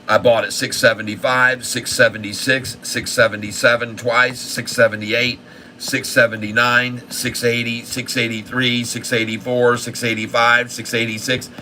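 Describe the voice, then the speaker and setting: Folksy man with a bright voice. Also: medium pitch, slight background noise, rough recording. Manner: folksy, excited, talks to viewers as folks. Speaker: stock market livestream host. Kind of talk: casual market commentary to viewers.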